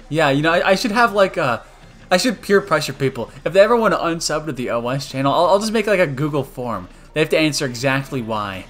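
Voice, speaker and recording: A young man commentating his own online gameplay on a stream, joking and switching between loud outbursts and quiet mumbles. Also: a little high, animated, fast, soft background music. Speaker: gaming streamer.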